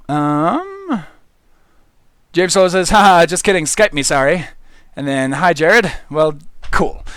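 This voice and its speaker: A man giving casual live-stream commentary, excitable and giggly, rambling as he goes. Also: on the high side, no echo. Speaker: game streamer.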